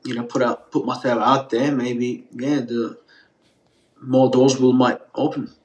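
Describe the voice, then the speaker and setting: A man's voice: mid-range voice, flat delivery, measured pace, a little mellow, echoey room. Turkish-accented man, rambling and chatty. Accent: Turkish with a slight Australian tinge. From Turkey. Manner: rambling, many fillers and restarts, laughs easily. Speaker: pizza maker, podcast guest. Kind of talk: casual podcast interview.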